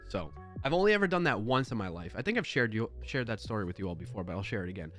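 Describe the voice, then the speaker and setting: Low-voiced man telling a rambling story. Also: sing-song, rapid-fire, fairly bright tone, soft background music. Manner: chatty and rambling, with fillers and restarts. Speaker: livestream host. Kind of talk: casual storytelling. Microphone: desk mic at a livestream.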